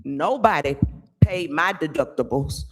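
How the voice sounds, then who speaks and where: An older woman giving an angry, emphatic public comment at a village board meeting, often pausing to ask "okay?". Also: low-pitched, lively intonation. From Chicago area.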